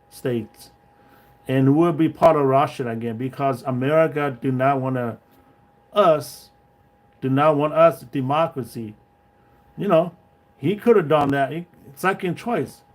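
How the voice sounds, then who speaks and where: A man's voice: medium pitch, a little mellow. A man hosting a livestream, giving his opinions in broken, non-native English, with many restarts and direct checks with his viewers. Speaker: livestream host. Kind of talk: casual opinion monologue.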